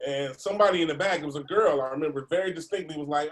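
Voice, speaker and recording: A man, a comedian, telling an animated story over a video call, laughing and acting out the voices of other people. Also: a little high, rapid-fire. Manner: laughing, acts out voices in his stories. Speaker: comedian guest.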